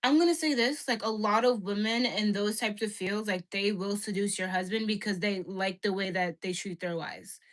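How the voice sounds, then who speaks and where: A woman's voice: mid-range voice, normal speed, hardly any pauses. A young woman ranting bluntly and profanely to her livestream chat, repeating herself and filling with "like". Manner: repeats herself, many "like" fillers.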